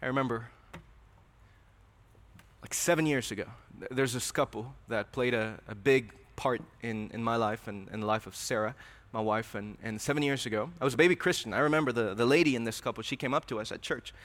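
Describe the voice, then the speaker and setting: A man's voice: mid-range voice, a little fast, fairly bright tone. A man preaching a sermon, earnest and questioning, often repeating his words. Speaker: pastor. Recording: reverberant hall.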